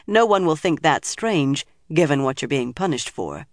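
A man's voice: fairly high pitch, sing-song, normal speed, dry recording. A man voicing a dry, authoritative older woman leader in an audiobook reading. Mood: commanding.

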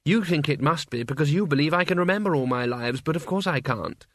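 A man's voice: fairly high pitch, expressive, fairly quick, no room sound, studio quality. A man voicing a small, cheerful old monk who speaks placidly and pleasantly in an audiobook reading.

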